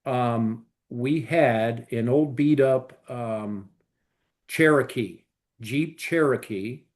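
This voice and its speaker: Speaking extremely slowly, this podcast co-host has a mid-range male voice. The talk is casual chat, and he rambles through lengthy stories full of filler words.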